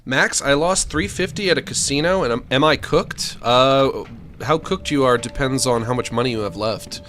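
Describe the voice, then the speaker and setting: A man's voice: mid-range voice, normal speed, a bit bright. A man streaming a game, chatting casually and rambling to his viewers. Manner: rambling, chatty, self-deprecating. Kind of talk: casual let's-play chat.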